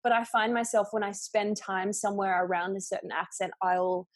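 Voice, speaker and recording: A young Australian woman hosting a podcast, who talks quickly and chattily in a casual conversation, with lots of "like". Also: mid-range voice, steady tone, no room sound. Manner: fast-talking, chatty, full of "like". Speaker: podcast host.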